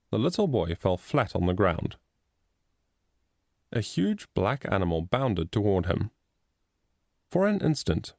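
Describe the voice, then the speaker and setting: A man narrating a storybook chapter in a steady, expressive reading. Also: on the low side, no room sound, clean studio sound. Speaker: audiobook narrator.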